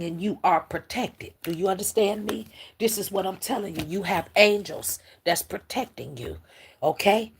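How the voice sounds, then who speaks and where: Woman, spiritual livestream host, husky, emotional, preacherly. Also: mid-range voice. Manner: emotional, preacherly, talks straight to viewers. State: teary. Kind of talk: casual spiritual livestream talk.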